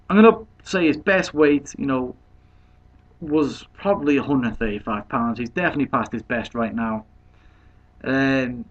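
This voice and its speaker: Man, casual fight-prediction talk, mid-pitched voice, dull lo-fi sound, chatty with fillers. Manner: conversational, leans on "you know" fillers. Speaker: boxing pundit. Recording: dull lo-fi recording.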